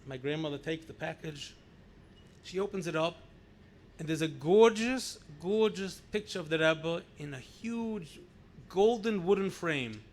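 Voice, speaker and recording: A middle-aged man, a rabbi, telling family stories in a lively anecdotal way, repeating words for emphasis. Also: fairly high pitch, measured pace. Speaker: rabbi sharing memories at a gathering. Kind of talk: storytelling speech.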